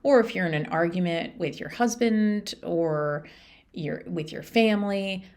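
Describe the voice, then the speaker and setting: A woman's voice: lowish voice, a little slow, a little mellow. A woman hosting her own podcast, talking through a personal story in an earnest, chatty, reflective way with frequent restarts. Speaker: podcast host. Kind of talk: casual reflective monologue.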